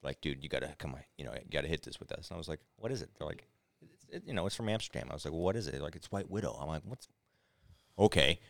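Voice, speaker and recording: A young man with a very low voice talks fast through a rambling story, quoting his friends as he goes. The sound is dry and close. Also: animated, creaky, fairly bright tone, dry recording. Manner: rambling anecdotes with acted-out quotes. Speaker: podcast co-host. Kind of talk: casual storytelling.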